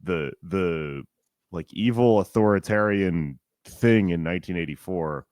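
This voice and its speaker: A man in his forties co-hosting a podcast, chatting casually in a rambling, animated and profane way. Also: sits low, a little slow, no room sound, studio quality. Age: 40s. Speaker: podcast co-host.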